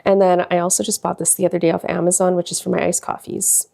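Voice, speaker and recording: A woman talks casually to her viewers as a lifestyle vlogger, gushing with frequent fillers. Her voice sits low and carries a gravelly, fry-tinged texture. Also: little pitch movement, fast, warm tone. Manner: chatty, gushing, many likes and ums. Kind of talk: casual chat.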